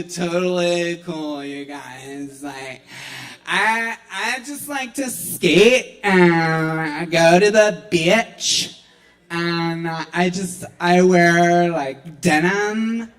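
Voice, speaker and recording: A man voicing a laid-back young surfer and skater dude who drawls slowly and gets indignant. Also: high-pitched, fairly bright tone, voice pushed up. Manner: drawling, slow, chill then indignant.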